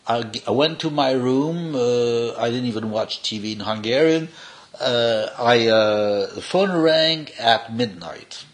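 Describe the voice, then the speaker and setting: An older man, a cinematographer, telling animated, rambling stories in casual, non-native English with restarts. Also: mid-range voice. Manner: rambling, animated anecdotes with frequent laughs and restarts. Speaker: cinematographer being interviewed. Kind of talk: casual anecdotal storytelling.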